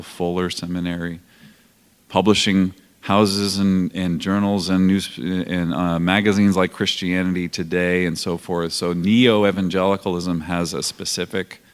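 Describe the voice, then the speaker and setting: A man's voice: sits low, a bit bright. A man in his forties speaking on a panel in an earnest, reflective way. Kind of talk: panel talk. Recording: long hall reverb.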